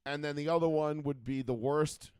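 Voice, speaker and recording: A man's voice: a little high, fairly even intonation, moderate pace, a little mellow, clear, resonant tone, no room sound, studio quality. A man in his thirties co-hosting a call-in sports chat show, telling rambling stories full of fillers and swearing. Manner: profane, rambling storyteller with many fillers. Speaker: radio show co-host.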